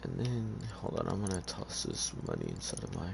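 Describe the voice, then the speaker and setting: A man's voice: low voice, huge pitch swings, a little fast, vocal fry, noisy background. A man giving laid-back, rambling commentary over a car game, sleepy and just awake, with many fillers. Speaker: gaming YouTuber. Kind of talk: casual gameplay commentary.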